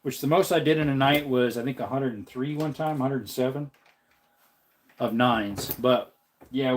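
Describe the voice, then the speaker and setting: A man's voice: moderate pace, a little hiss or hum. A man hosting a casual livestream, rambling in chatty talk and reading out viewer comments. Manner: jokey, slips into a silly high voice. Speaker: livestream host.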